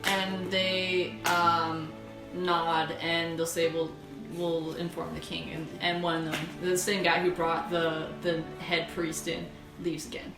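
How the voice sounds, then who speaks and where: A woman's voice: on the low side, flat delivery, slow pace. A woman narrating a tabletop game as game master, chatty and loose, with many fillers. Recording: roomy room with music behind.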